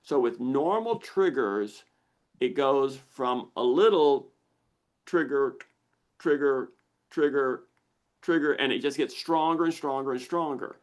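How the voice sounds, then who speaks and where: An older man hosting a live Q&A on a video call, explaining patiently and acting out the brain's inner voice with lively exclamations. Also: mid-range voice, measured pace. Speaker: misophonia researcher hosting a Q&A.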